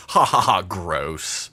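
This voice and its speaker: A man's voice: deep voice, sharp tone, husky. A young adult man chatting casually on a game stream, rambling through stories and laughing often. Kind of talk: casual gameplay stream chat.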